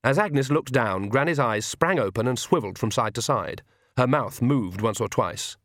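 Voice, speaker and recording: Male audiobook narrator, mid-range voice, measured delivery, dead dry booth. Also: mid-range voice, expressive, a bit bright, dry recording.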